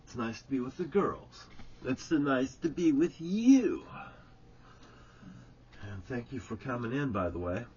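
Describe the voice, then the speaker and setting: A man's voice: medium pitch, sing-song, a little slow, long pauses, a little mellow. Chatty man vlogger, meandering storyteller, muffled lo-fi audio with faint room hum. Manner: meandering, chatty, full of asides and restarts. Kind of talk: casual rambling storytelling. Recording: dull lo-fi sound with faint ambience.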